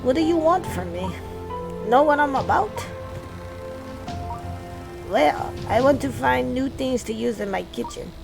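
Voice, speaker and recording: A snooty French-flavored cook, put on by a woman, brushing people off briskly. The voice sits high with a faint rasp, in the manner of game dialogue read aloud. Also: lively intonation, exaggerated voice, poor audio. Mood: haughty. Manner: brisk, dismissive. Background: game music.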